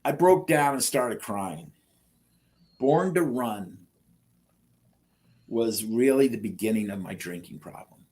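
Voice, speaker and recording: A middle-aged man telling his story in an interview, animating the quoted dialogue with lively jumps in his voice. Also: medium pitch, slow, pauses often. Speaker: guest sharing transplant story.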